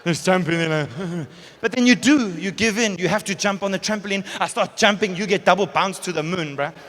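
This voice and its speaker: A South African man performing a stand-up comedy set in a large theatre, telling stories in an animated way and breaking into loud bursts as he acts out characters. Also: high-pitched, fairly quick, a little hiss or hum. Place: large theatre stage before a live audience. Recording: live hall reverb with audience.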